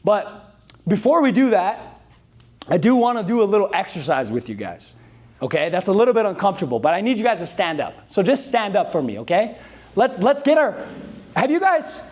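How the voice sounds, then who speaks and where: Sales trainer, male, very high pitch, loud hype delivery, keeps pulling the room into call-and-response. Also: moderate pace. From Canada. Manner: energetic, hype-driven, calls on the audience to answer and repeat. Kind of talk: motivational speech to a live sales team. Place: dealership meeting room with a live audience.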